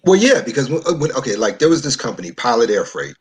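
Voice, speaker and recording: A man from New York in casual discussion, an animated storyteller who repeats himself. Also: medium pitch, fast, slightly rough.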